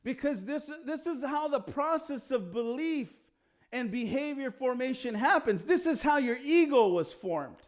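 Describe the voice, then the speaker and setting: A man with a strikingly high voice leads a personal development lesson. He talks in a loose, conversational way, dropping slang now and then. He acts out little quotes as he explains. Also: a little slow. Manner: animated storytelling with acted quotes and casual slang. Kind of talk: motivational lecture.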